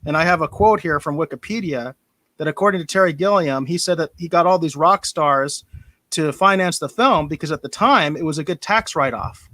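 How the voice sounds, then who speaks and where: Chuckling podcast co-host, higher-pitched man. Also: a little fast, pushed and bright, no echo. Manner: chuckling, repeats words when starting sentences. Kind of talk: casual chat.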